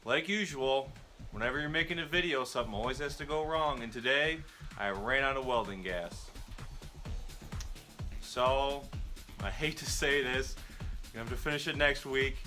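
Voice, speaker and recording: A man chatting casually as he works on a go-kart in his garage, explaining each step and often pausing with fillers. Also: mid-range voice, sharp tone, soft background music. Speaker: vlogger building a go-kart.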